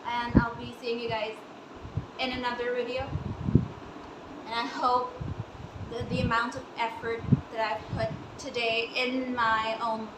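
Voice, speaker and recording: A woman's voice: a little high, flat delivery, unhurried, pauses often, heavy background noise. A young woman, chatting casually in a makeup vlog, self-deprecating and giggly, rambling as she talks. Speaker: vlogger.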